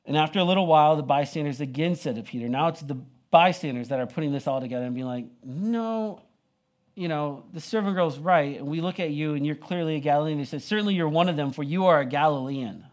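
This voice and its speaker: A man's voice: on the high side, fast, few pauses. A young man preaching a sermon, retelling the story in a casual, conversational way full of "like" and "you know". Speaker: pastor.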